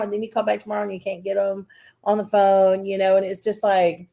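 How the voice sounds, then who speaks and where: Woman, podcast co-host, chatty storyteller who laughs often, mid-pitched. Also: fairly quick, gravelly. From Southern US. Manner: chatty storyteller, animated when telling stories, laughs often. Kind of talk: casual chat.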